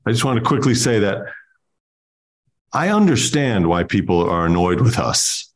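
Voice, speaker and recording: Male comedian, fairly low voice, fast riffing bits. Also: big pitch swings. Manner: quick joking riffs. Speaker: comedian guest. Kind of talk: casual comedic chat.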